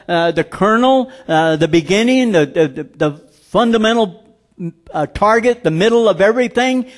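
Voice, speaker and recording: A man preaching a sermon, blunt and emphatic, slowing down to stress scripture lines. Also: sits high.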